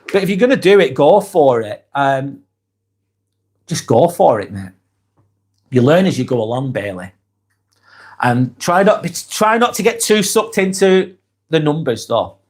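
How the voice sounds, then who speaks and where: A mid-range voice belongs to this casual live-stream host from Lancashire, England, who sounds fatigued. He reads comments aloud and responds in a relaxed, chatty manner with many ums and restarts.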